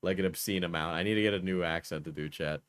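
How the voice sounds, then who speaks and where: A man's voice: sits low, fast, fairly bright tone, clear, resonant tone, no room sound. A man with a New York accent giving crude, mocking commentary over a video during a live stream.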